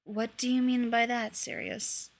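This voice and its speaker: A woman voicing a quiet, bookish teenage boy wizard who speaks softly and turns sharp when annoyed, with a husky voice. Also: fairly high pitch, little pitch movement, measured pace. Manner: quiet and reserved, then sharp.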